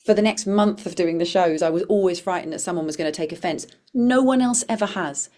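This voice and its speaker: Brief: low-pitched woman performer, reflective guest storyteller. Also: a little fast, a little mellow. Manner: earnest, reflective, with frequent restarts. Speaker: comedian and performer, podcast guest. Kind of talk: conversational storytelling.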